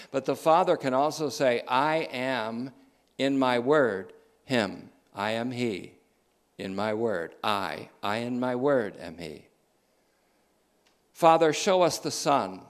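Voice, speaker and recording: A man preaching a sermon, reading and explaining scripture with emphatic stresses, slow deliberate phrasing and casual joking asides. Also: medium pitch. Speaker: pastor.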